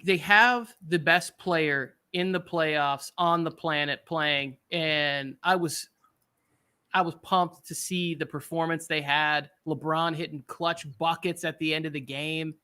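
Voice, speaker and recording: Bright-voiced, joking sports podcast host. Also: male voice, a little high. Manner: animated, jokey, slips into impressions. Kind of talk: casual sports talk.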